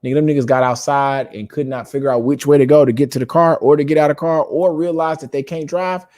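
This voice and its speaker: A man hosting a podcast from his home studio, complete with lights and microphones, laughs his way through a rambling family story, swearing freely and acting out quotes in a casual manner. He talks fast in a slightly high, a little mellow voice with fairly even intonation, and there's no echo.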